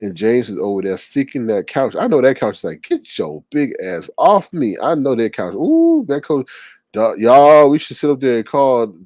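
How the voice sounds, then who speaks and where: Reading chat comments on a casual livestream, a man talks in an animated, gossipy manner packed with exclamations. His voice is mid-range at normal speed, with no room sound.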